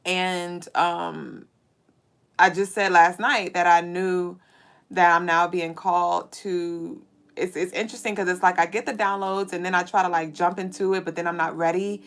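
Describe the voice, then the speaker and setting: Candid woman venting, low voice, faint music. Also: fairly even intonation, moderate pace, fairly bright tone. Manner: candid, emotional, swears casually. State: holding back tears. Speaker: spiritual show host. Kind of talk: casual venting monologue to viewers.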